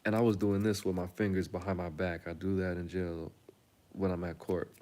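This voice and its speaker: A young man telling his own story in a casual, animated, slangy way, with dramatic turns. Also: low voice, a little fast. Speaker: storytelling video host.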